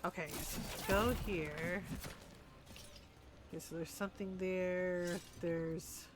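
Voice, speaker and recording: Slow, sleepy woman streamer. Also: on the low side, steady tone, noisy background. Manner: unhurried, thinks aloud with fillers. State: sleepy, yawning. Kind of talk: casual gameplay commentary.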